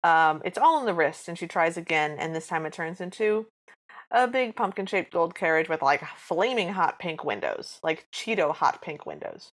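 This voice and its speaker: A woman's voice: lowish voice, expressive, normal speed. A woman co-hosting a podcast, chatting casually and acting out cartoon scenes with playful voices. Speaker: podcast co-host. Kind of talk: casual chat recapping a cartoon.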